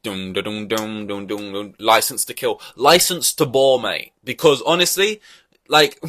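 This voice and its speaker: A man's voice: medium pitch, sharp tone. A man hosting a podcast, giving blunt, profane opinions in a rambling, casual way. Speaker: podcast host. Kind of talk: casual ranting podcast chat.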